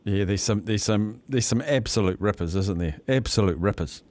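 A man's voice: fairly low pitch, moderate pace, a little mellow. A man hosting talkback radio, chatting with callers in an amused, easygoing way. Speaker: radio host. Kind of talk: casual talkback radio chat.

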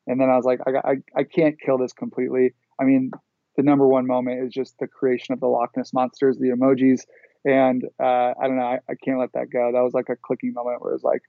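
A man co-hosting a podcast in casual banter, cracking wry, deadpan jokes and swearing. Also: medium pitch, quick pace, vocal fry, no echo, lo-fi sound. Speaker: podcast co-host.

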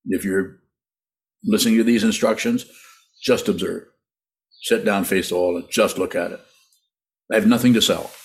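A low-voiced man teaching meditation in an unhurried, halting way. He often restarts and repeats words, and breaks into laughs as he answers listener questions. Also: steady tone.

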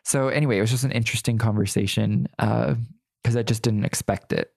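A man's voice: on the low side, a little fast, gravelly, a little mellow, dry recording, clean studio sound. A young man, a guest in an interview, telling a personal story in a chatty way, full of "like" fillers and sassy asides.

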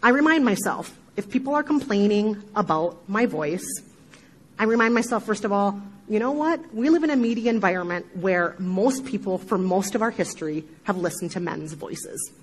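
A middle-aged woman with a Midwestern accent, giving an animated talk to a live audience, with emphatic asides and frequent laughter. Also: mid-range voice, normal speed, husky, low-quality recording. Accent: Midwestern American. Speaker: podcast speaker giving a talk.

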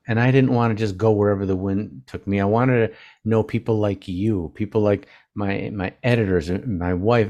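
An older man, an author guest in an interview, talking casually in a halting, earnest way with many restarts. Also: on the low side, a little mellow.

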